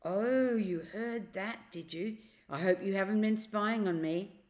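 A woman reading a storybook aloud and voicing a scheming elderly uncle who speaks in a slow, coaxing, secretive way. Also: medium pitch, darkish tone, lightly acted. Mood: sly.

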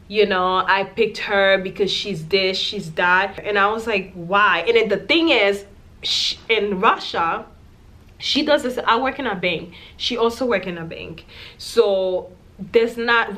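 A young adult woman vlogger telling a personal story to camera in a candid, animated way, full of fillers. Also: mid-range voice.

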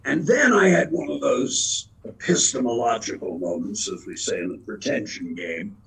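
Older male interview guest in his eighties, raspy and gravelly, mid-pitched, an anecdotal storyteller. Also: lively intonation, normal speed, a bit bright, low-quality recording. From Philadelphia area, USA. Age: 80s. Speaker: interview guest, veteran actor.

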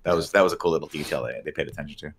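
A man's voice: very deep voice, rapid-fire, a bit bright, a little hiss or hum. A man co-hosting a podcast, chatting eagerly about film details. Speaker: podcast co-host. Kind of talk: casual chat about a film.

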